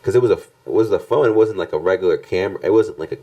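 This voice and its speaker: A man's voice: low-pitched, very fast, dark tone. A man co-hosting a podcast in casual chat, laid-back and a bit hesitant, often asking questions. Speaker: podcast co-host.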